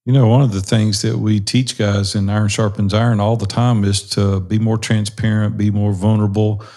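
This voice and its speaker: A man's voice: fairly low pitch, level tone, moderate pace, warm tone. Earnest, candid older man co-hosting. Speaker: podcast co-host. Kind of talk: casual podcast conversation.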